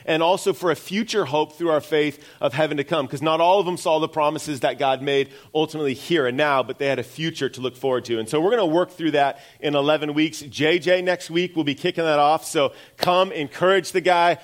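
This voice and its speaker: A man's voice: on the high side, brisk, few pauses. A middle-aged man preaching a sermon as pastor, in a conversational way with self-deprecating asides.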